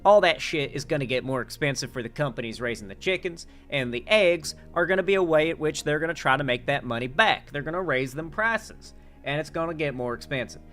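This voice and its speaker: A man's voice: on the high side, lively intonation, brisk, fairly bright tone, faint music behind. A man putting on a brash, folksy Southern American accent with a blunt drawl.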